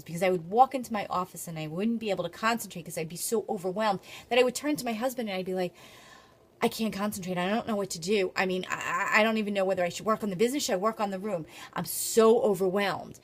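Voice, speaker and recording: Earnest middle-aged woman vlogging. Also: medium pitch. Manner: emphatic, repeats herself for stress; earnest and self-confessional. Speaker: vlogger and small business owner. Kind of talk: casual motivational talk to camera.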